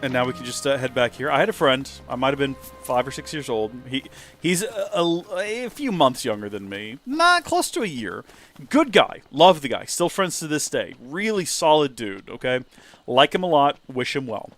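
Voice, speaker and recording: A man chatting casually over gameplay, animated and prone to high excited exclamations. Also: normal speed. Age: 30s. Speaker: let's play streamer. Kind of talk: casual gameplay commentary and storytelling.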